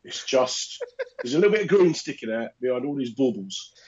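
A man's voice: medium pitch, very animated, a little fast, darkish tone. A man in casual podcast chat, telling jokey stories and mimicking other people. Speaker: podcast co-host. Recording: slightly dull, lo-fi.

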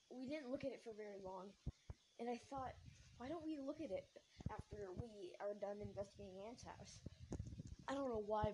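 A woman's voice: medium pitch, background noise. A young woman telling a story casually. She rambles, uses lots of fillers, corrects herself and laughs now and then.

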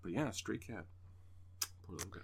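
A podcast co-host with a husky, low voice speaks at a normal speed while telling a long story in casual conversation. He's an animated storyteller who swears freely and acts out people's words.

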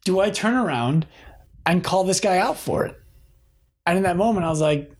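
A man's voice: sits high, moderate pace. A man guest on a podcast, talking earnestly in casual conversation and repeating words as he starts a thought.

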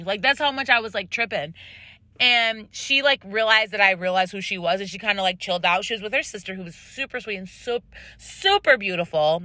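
A woman hosting her own podcast, telling stories in a casual, animated way, with lots of "like" and asides to her listeners. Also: mid-range voice, no echo. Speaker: podcast host. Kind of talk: casual storytelling chat.

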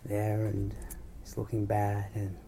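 A man's voice: on the low side, monotone, slow, dark tone, slight background noise. A man casually telling a long, rambling story in loose, swear-heavy chat.

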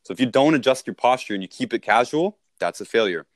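A man's voice: mid-range voice, animated, quick pace, no room sound. A man coaching salespeople in a casual conversation, punchy and emphatic, often checking in with "right?".

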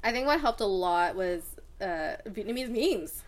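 A young woman from Canada chatting casually, an animated storyteller who swears freely and breaks into loud playful outbursts. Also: mid-range voice, a little slow. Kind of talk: casual chat.

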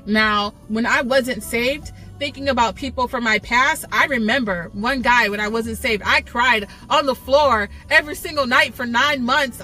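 A woman speaks to camera in a passionate devotional talk. Her voice sits high and bright. She pleads and repeats herself for emphasis, with soft music in the background. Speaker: Christian video teacher.

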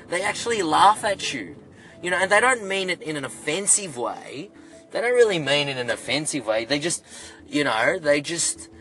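In a comedy monologue, an Australian-accented man voices a young Filipino Australian who rambles with lots of fillers and restarts. The delivery sits on the high side, pushed and bright.

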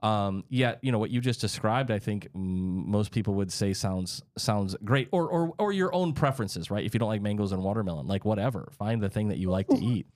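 A man's voice: lowish voice, fairly quick, few pauses, darkish tone, no echo, studio quality. A middle-aged man hosting a podcast interview in casual chat, chatty and often repeating words as he searches for his thoughts. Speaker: podcast host.

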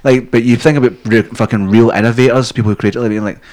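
A man's voice: mid-range voice, fairly even intonation, fast talker, a little mellow. A Scottish man co-hosting a podcast, rambling and swearing constantly as he jokes. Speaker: podcast co-host. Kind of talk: crude casual chat.

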